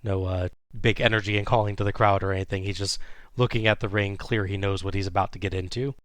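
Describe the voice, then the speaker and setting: A man's voice: low voice, steady tone, fast talker, a bit bright, dry recording. A man hosting a podcast, recapping a wrestling match play by play in a casual way with small chuckles.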